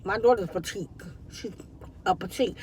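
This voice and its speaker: A woman's voice: medium pitch, normal speed, slight background noise. A woman, telling a story in a casual vlog from her parked car, acting out what people said. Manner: chatty, animated retelling with quoted dialogue. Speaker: vlogger.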